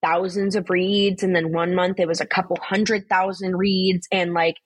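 Chatty, blunt young woman, husky voice. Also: on the low side, moderate pace, dry recording. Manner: chatty, swears freely, fills talk with "like"; blunt and animated storyteller. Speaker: guest, social media influencer. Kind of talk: casual podcast chat.

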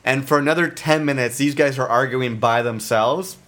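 A man casually telling a story on a podcast, animated and swearing freely, acting out the quotes. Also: medium pitch, normal speed.

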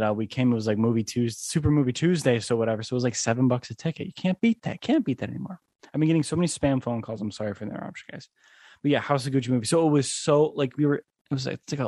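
A man's voice: mid-range voice, darkish tone, no echo, clean studio sound. A young man hosting a casual solo podcast, rambling and filling his talk with "like" and "um.". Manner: rambling, with lots of "like" and "um". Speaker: podcast host.

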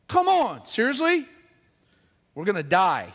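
A middle-aged man preaching a sermon, animated and joking with the congregation. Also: high-pitched, normal speed, pauses often. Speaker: pastor.

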